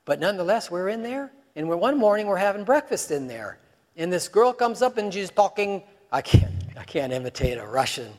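A man with a high voice preaches a sermon, talking to the listeners as if in casual conversation and throwing out rhetorical questions. His voice rings with the long reverb of a large hall. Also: very animated, a little fast.

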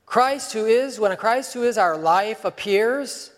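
A high-voiced man delivers a sermon at a measured pace with few pauses, speaking to listeners as though chatting casually and posing rhetorical questions. The long reverb of a large hall rings around his voice.

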